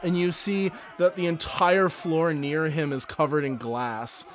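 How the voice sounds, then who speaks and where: A man's voice: on the high side, steady tone, a little slow, lo-fi sound. A man narrating as game master in a tabletop role-playing game, loose and laughing often.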